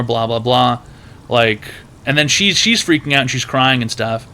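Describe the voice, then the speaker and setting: A man's voice: mid-range voice, measured pace, bright, forceful tone. A man hosting an advice stream who tells rambling, profane stories packed with "like" and other filler words. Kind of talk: casual storytelling.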